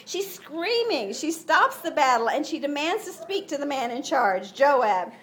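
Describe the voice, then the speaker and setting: Lively high-voiced woman preaching. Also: a little slow. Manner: animated storytelling, acts out voices, laughs often. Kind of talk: sermon.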